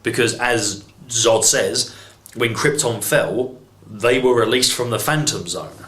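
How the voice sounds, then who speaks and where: A man's voice: mid-range voice, slow, a bit bright, roomy sound. An English man reviewing a film in an exasperated, sarcastic rant, swearing freely. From England. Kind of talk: ranting movie review.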